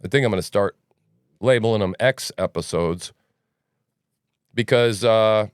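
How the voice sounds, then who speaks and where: A man's voice: lowish voice, unhurried, clean tone, no echo, studio quality. A man hosting a news commentary podcast, talking casually in a rambling, sarcastic way. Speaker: podcast host.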